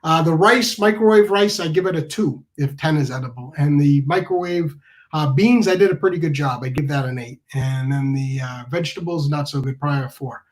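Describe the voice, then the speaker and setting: Rambling storyteller man with a higher voice. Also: fairly quick, low-quality recording. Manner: rambling, with many restarts and asides. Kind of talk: casual comic storytelling.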